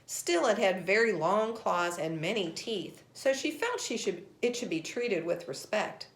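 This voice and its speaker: In a room with a roomy echo, a woman reads a children's storybook aloud, expressive and animated. Her voice is mid-range and her pace measured.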